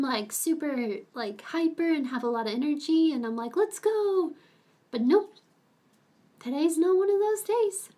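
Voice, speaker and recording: A young woman with a high voice chats with her stream audience from home. She talks at an unhurried, relaxed pace and drifts between chatter and fond asides to her pets. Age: young adult. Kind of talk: casual livestream chat.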